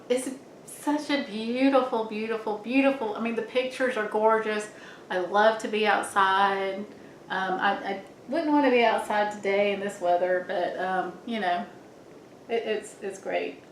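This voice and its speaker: A middle-aged woman vlogger with a voice on the high side muses through a reflective monologue, meandering, often restarting and trailing off. The recording is echoey, with a little hiss or hum.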